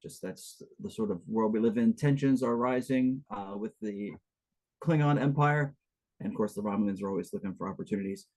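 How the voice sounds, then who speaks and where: A man's voice: lowish voice, fairly quick, a little mellow, poor audio. A man narrating as game master for a tabletop game, chatty and loose, full of fillers and asides.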